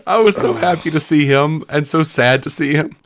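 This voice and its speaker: Profane, animated man reviewing a film. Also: on the high side, moderate pace, a little hiss or hum. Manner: animated, profane, acts out movie lines. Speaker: podcast co-host. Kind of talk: casual film-review chat.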